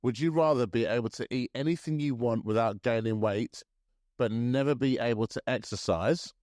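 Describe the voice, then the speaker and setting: A man in his thirties co-hosting a podcast in casual chat, chatty and quick to laugh. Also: mid-range voice, darkish tone, no echo, studio quality. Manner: chatty, laughs often, restarts sentences. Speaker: podcast co-host.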